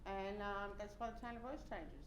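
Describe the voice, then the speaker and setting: A woman playing a loud-talking coworker in a mediation role-play, defensive and matter-of-fact. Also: medium pitch, steady tone, normal speed, close to an everyday voice. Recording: roomy with faint noise.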